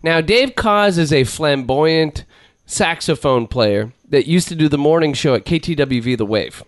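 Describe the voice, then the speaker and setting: Animated, profane middle-aged man telling stories. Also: moderate pace, no echo. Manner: animated, profane storyteller, rises in pitch when riled. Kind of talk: casual chat, storytelling.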